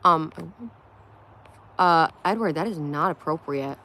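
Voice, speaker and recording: A woman's voice: low voice, slow pace, bright, forceful tone. Chatty young woman on a livestream. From Connecticut, USA. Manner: chatty, playful, answers chat one by one. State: tired. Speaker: livestream host. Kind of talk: casual livestream chat reading comments.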